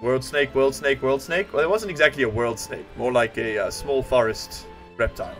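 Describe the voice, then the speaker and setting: Late-twenties male co-op streamer, relaxed and jokey, chatting to viewers over game music. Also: mid-range voice, normal speed. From South Africa. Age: 20s. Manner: joking, laid-back, chats to viewers. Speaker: streamer host. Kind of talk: casual live gaming banter.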